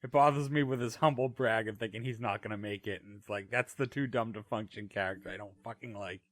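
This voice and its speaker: A man's voice: on the low side, quick pace, no echo. A man co-hosting a podcast, blunt and sardonic in casual chat. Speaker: podcast co-host.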